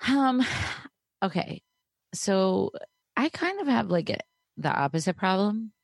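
A woman's voice: medium pitch, big pitch swings, measured pace, vocal fry, no room sound. A woman co-host in casual chat who talks hesitantly and laughs between phrases.

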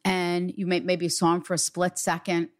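A woman's voice: fairly low pitch, completely flat delivery, normal speed, dry recording, studio quality. A woman working as a psychic medium, giving an earnest, reassuring reading in conversation. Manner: earnest, reassuring, relays quotes in a raised voice.

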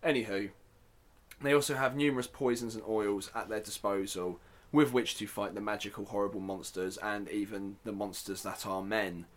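Guy rambling on his podcast, lowish voice, self-deprecating and jokey. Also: fairly even intonation, normal speed. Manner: chatty, self-deprecating, joking asides. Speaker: podcast host. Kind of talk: casual solo podcast talk.

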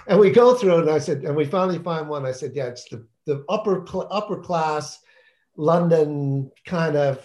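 A man's voice: a little high, normal speed, darkish tone. A man talking about his children's book in a casual interview, enthusiastic and rambling, often restarting his sentences.

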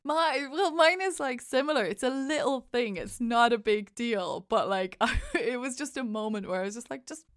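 A woman's voice: fairly high pitch, moderate pace, hardly any pauses, no echo, clean studio sound. A woman co-hosting a podcast, chatting about a film in a rambling, casual way. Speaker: podcast co-host. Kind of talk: casual movie review chat.

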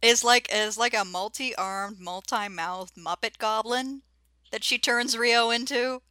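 A young woman co-hosts a podcast recap, cracking playful jokes as she goes. Her voice is bright and forward, recorded close and dry with no room sound. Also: on the high side, unhurried, dry recording. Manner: playful, jokey commentary. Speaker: podcast co-host. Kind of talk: casual recap chat.

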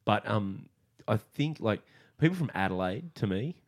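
A man's voice: lowish voice, expressive, normal speed. A young adult Australian man, raised in the country, telling easygoing, rambling anecdotes in casual chat. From Australia, grew up in the country.

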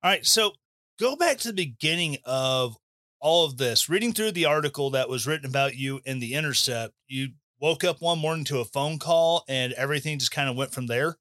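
A man's voice: fairly high pitch, fairly quick, bright, forceful tone, no echo. A man interviewing a guest in a conversational way, following up on his story. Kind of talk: podcast interview questions.

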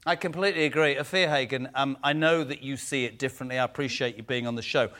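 A man hosting a TV debate, asking pointed questions in an emphatic, animated way. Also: mid-range voice, quick pace. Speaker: stand-in talk show host.

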